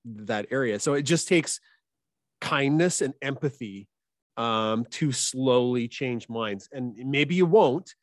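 A man who hosts a science podcast, speaking as a guest in a thoughtful, measured way with some hesitant restarts. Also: mid-range voice, no room sound, studio quality. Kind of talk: casual interview chat.

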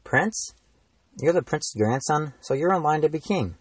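A man's voice: on the high side, animated, moderate pace, dry recording, distant mic, voice pushed up. A young man doing an anxious hurt boy. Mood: startled. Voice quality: hoarse.

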